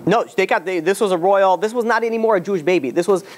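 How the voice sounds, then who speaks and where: A man's voice: sits high, fast. A man teaching an informal class as a rabbi, retelling a story conversationally, slipping into the characters' lines and fielding questions from students in the room.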